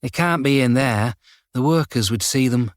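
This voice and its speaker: A businesslike male officer gives brisk instructions over a radio, as an audiobook reader voices him. The sound is dry and close. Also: medium pitch, no echo, close to an everyday voice. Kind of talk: audiobook character voice.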